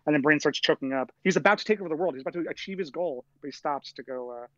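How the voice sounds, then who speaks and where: A young man co-hosting a casual chat, telling stories in an animated, profane way. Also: a little high, no room sound, dull audio. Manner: fast, animated, profane storyteller. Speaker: podcast co-host.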